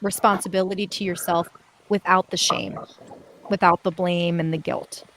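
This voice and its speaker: A woman hosting a panel over a video call, attentive and asking quick follow-up questions. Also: on the low side, fairly even intonation, a bit bright, a little hiss or hum. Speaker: panel host. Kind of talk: moderating a panel.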